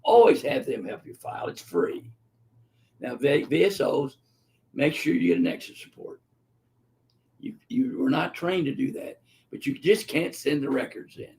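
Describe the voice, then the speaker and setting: Blunt, gravelly-voiced older man doctor. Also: a little high, animated, moderate pace, darkish tone, slight background noise. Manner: blunt and profane, heated and emphatic. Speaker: physician answering viewer questions. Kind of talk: unscripted webinar Q&A.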